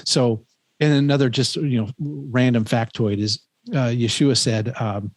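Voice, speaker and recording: A man's voice: mid-range voice, fairly even intonation, unhurried, no room sound. A man in his fifties, a professor, telling a story in casual conversation, earnest and rambling with lots of fillers and restarts. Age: 50s. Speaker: professor and podcast host.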